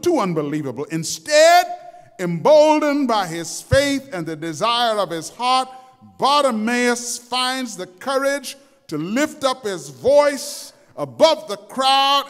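High lively preacher guy, slow and dramatic, shouting the big lines in a reverby church. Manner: dramatic storytelling, shouting out the quoted cries. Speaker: pastor. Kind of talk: sermon. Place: church sanctuary.

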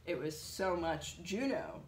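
A woman being interviewed, telling an animated story with lots of fillers. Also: lowish voice, slow, echoey room. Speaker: translator, interviewee. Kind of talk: conversational interview.

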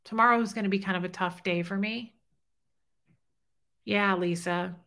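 A woman's voice: mid-range voice, steady tone, normal speed, a bit bright. A middle-aged woman hosting a casual livestream, talking openly and emotionally while reading viewer comments. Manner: heartfelt, openly emotional, chatty. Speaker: livestream host.

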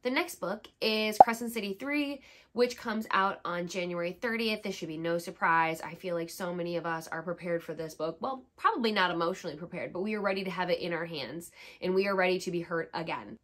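A woman's voice: lowish voice, brisk. Young woman, sick but upbeat, gushing book-vlog chat and reading blurbs. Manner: enthusiastic, gushing. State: sick, under the weather. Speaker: book vlogger.

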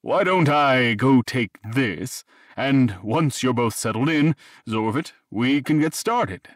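A man voicing a nervous, eager-to-please male host in an audiobook, a little louder than his narration. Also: medium pitch, expressive, slow, no echo, clean studio sound.

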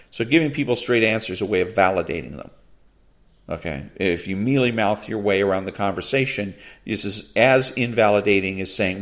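A man hosting his own show, giving unhurried solo commentary, reading out quotes and reacting with many fillers and restarts. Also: fairly low pitch. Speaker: podcast host.

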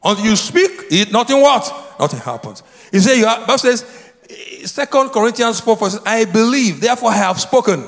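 High, lively preacher in an echoing hall. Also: male voice, moderate pace. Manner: repetitive, prompts congregation to answer. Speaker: pastor. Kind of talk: sermon with call and response. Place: church sanctuary. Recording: long hall reverb.

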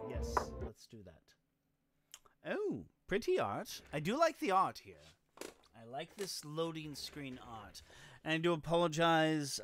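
A man hosting a let's play in casual game commentary, sarcastic and exclaiming, swearing freely, recorded at home on a rolling chair. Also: medium pitch.

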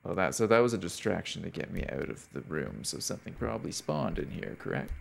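A man's voice: deep voice, very animated, fast, vocal fry, slight background noise. A man streaming a horror game, talking to his chat as he plays, reacting with swearing and laughter. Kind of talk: casual gaming commentary.

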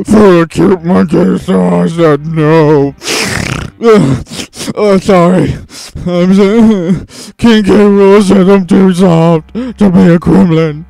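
A man voicing a huge, soft-hearted male crocodile in a game, pleading and tearful as he reads the dialogue aloud. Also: high voice, vocal fry, no room sound, voice pushed up, exaggerated voice, low-quality recording.

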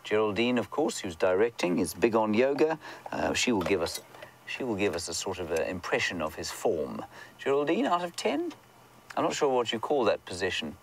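A man's voice: on the low side, very animated, moderate pace, gravelly. A man hosting a live safari broadcast outdoors from a game drive vehicle, chatting playfully with online viewers and reading out their comments. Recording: outdoor noise from the vehicle and surroundings. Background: vehicle and outdoor ambience.

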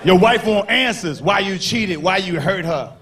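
A man doing a stand-up comedy routine on stage, talking in an animated way and acting out characters in quick voices. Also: high-pitched. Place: comedy club stage before a live audience. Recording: live show with crowd laughter and faint noise.

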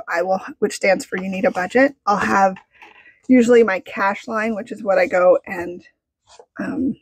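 A woman's voice: medium pitch, slightly rough. Bubbly woman vlogger counting cash. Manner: bubbly, excitable, talks to herself as she counts. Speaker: budgeting vlogger. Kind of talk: casual vlog chat while counting cash.

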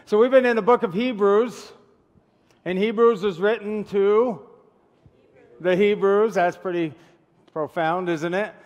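A man's voice: sits high, measured pace, long pauses, darkish tone, lo-fi sound. A man preaching a casual sermon as pastor, chatty and asking the congregation questions. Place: church sanctuary. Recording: long church hall reverb.

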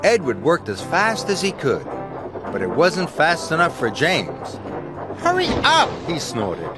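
A man tells a children's story in an unhurried, expressive way. His voice is a touch high, his pitch moves a great deal, and music plays clearly behind him. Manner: slow, warm and expressive storytelling. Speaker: narrator. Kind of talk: scripted storybook narration.

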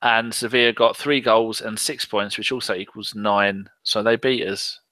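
A man's voice: fairly low pitch, steady tone, normal speed, bright, forceful tone, no room sound. A man co-hosting a late-night football podcast, laid-back, chatty and teasing his co-host. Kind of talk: casual late-night chat.

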